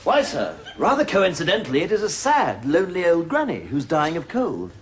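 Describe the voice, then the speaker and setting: A sneering, scheming butler. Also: male voice, on the high side, normal speed. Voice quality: dry, sneering, deadpan. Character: sardonic, scheming male butler. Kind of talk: 1980s TV sitcom acting.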